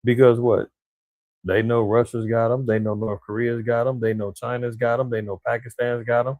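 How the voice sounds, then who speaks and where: A man hosting a casual news commentary show, talking in an animated, slangy way and mimicking the leaders he quotes. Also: medium pitch, moderate pace, dry recording.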